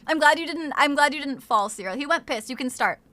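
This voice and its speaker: A young woman streaming from home, chatting casually with viewers in a bubbly, excited way while snacking on crackers. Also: high voice, fairly quick, dry recording.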